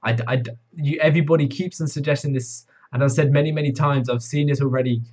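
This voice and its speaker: A man's voice: medium pitch, fairly even intonation, quick pace, a little mellow. A teenage male live streamer from Wales, chatting casually and teasing his chat with lots of swearing. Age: teens.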